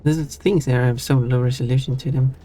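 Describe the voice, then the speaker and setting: A man talks casually with his viewers during a gaming stream, rambling and amused at himself. His voice sits at an ordinary pitch for a man. Soft music plays faintly behind him. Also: fairly even intonation, brisk. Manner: chatty, self-amused, restarts and trails off. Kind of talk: casual chat while gaming.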